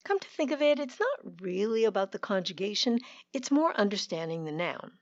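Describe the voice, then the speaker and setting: A woman with a Canadian accent teaching an English pronunciation lesson, explaining clearly and stressing key words. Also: medium pitch, very animated, normal speed, lo-fi sound. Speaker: pronunciation coach.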